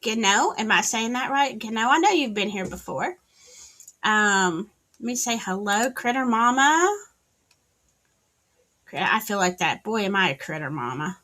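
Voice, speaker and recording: Using a wired streaming setup, a Southern-accented woman hosts a laid-back livestream, calling out viewers by name and adding sassy remarks. Her voice is mid-range, bright, and forceful, expressive yet a little slow, with frequent pauses.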